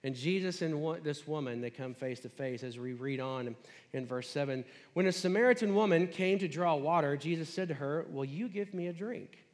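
A man's voice: on the high side, a little fast, long reverb tail. A man preaching a sermon in a conversational, casual way, retelling a scripture story.

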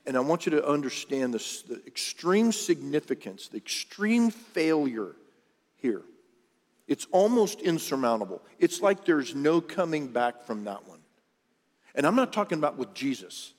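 Earnest preacher in a reverberant hall. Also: male voice, on the high side, big pitch swings, measured pace. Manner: conversational, earnest, with many restarts. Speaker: pastor. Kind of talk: sermon. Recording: long reverb of a large hall.

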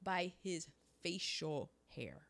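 A woman co-hosting a podcast in casual chat, talking with a sore throat and an animated manner. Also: takes it slowly, vocal fry. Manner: animated, rising to high exclamations. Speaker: podcast co-host. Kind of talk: casual chat about old movies.

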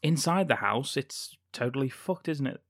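A man's voice: medium pitch, lively intonation, moderate pace, no room sound. A man co-hosting a podcast, casually recounting a film's plot with dry, sweary asides. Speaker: podcast co-host. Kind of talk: casual film recap chat.

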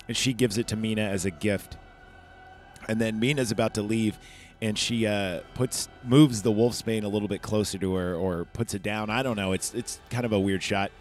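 A man hosting a podcast, recapping a film in a rambling, chatty way full of fillers and asides. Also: on the low side. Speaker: podcast host reviewing a film. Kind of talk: casual chat. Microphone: podcast microphone.

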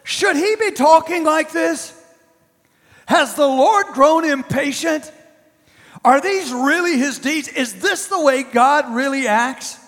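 A man's voice: very high-pitched, slow, a bit bright, in a large hall, pitched above the performer's own voice, exaggerated voice. A man voicing indignant ancient prophets who plead and protest with questions.

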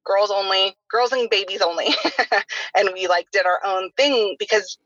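A woman's voice: medium pitch, a little slow, a bit bright, no room sound. A woman in her thirties hosting a casual podcast chat, talking freely and filling her sentences with "like". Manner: chatty, heavy use of "like" fillers. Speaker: podcast host. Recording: dull lo-fi sound.

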